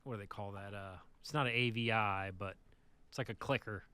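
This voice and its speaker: A man co-hosting a podcast, telling a casual, animated anecdote about his driving job. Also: on the low side, fairly quick, a little hiss or hum. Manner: animated anecdote teller, acts out the people in his stories. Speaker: podcast co-host, bus driver. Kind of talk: casual storytelling chat.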